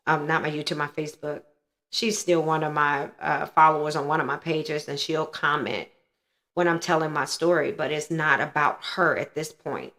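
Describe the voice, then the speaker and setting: A woman's voice: low voice, fairly bright tone. A woman in her thirties frankly and earnestly telling a painful personal story as the host of her own show.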